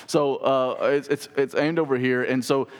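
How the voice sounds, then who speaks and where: A young pastor preaching in a lively, storytelling way. His voice jumps high and loud when he acts out a scene. Then it sinks to a hushed, close tone for the tender points. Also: normal speed, smooth. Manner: animated storyteller, drops to soft intimate tone. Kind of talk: sermon with personal storytelling.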